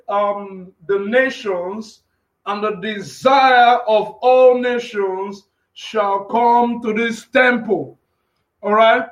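A man with a very high voice preaches to a live online audience. He talks in an excitable, rambling way and keeps checking in with his listeners. The sound bounces around an echoey room. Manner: excitable, repeats himself, frequent "you know what I'm saying". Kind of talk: live-streamed preaching and casual talk.

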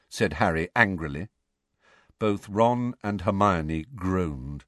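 A man narrating an audiobook with an expressive, lively reading. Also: low voice, slow pace, no echo, studio quality. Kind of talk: scripted narration.

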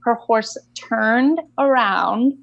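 A woman's voice: fairly high pitch, extremely slow, creaky, no room sound. A woman equine coach telling a story in a casual interview, chatty and full of fillers.

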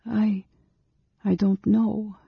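Gentle, murmuring otherworldly young woman, voiced by an audiobook reader, raised and gravelly, on a dull, dry home recording. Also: on the low side, fairly even intonation, a little slow, no echo, pitched above the performer's own voice, full character voice. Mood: soft, tender. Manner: soft, murmuring. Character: gentle mysterious non-human young woman.

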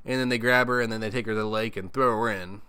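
A man with a fairly low, forceful voice recaps a horror movie in loose, casual chat. He swears constantly and laughs at his own asides, and the sound is dry and close. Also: steady tone, fast, clean tone, dry recording. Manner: profane, laughs often, comic asides. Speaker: podcast host.

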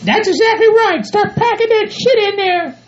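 A man voicing a bossy rancher's wife in a comedy audio skit, shouting orders and scolding. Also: extremely high pitch, expressive, normal speed, slight background noise, pitched above the performer's own voice. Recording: dull lo-fi home recording, off-mic.

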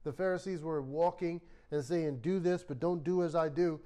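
A man preaching a sermon as a Bible study teacher, telling stories with lively acted-out quotes. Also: fairly high pitch, moderate pace. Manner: animated storytelling, acts out quoted voices. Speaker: pastor.

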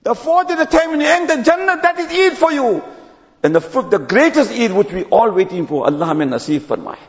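A man giving a sermon as an imam, telling stories and dropping to low quiet tones at phrase ends. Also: big pitch swings, a little fast, long reverb tail, lo-fi sound.

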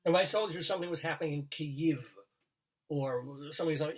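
A man's voice: a little high, fast, husky. A man hosting a talk show in casual chat, rambling from topic to topic and laughing at his own jokes. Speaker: radio show host.

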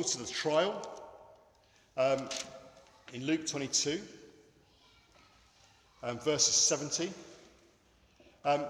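A man preaching a sermon in a church, earnest and emphatic, with dramatic pauses. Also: on the high side, a bit bright. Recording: echoey hall with long reverb.

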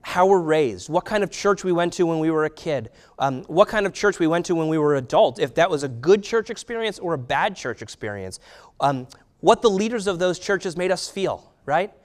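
A man's voice: sits high, lively intonation, moderate pace. A man preaching a sermon in a conversational way, with filler words and rhetorical questions. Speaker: pastor.

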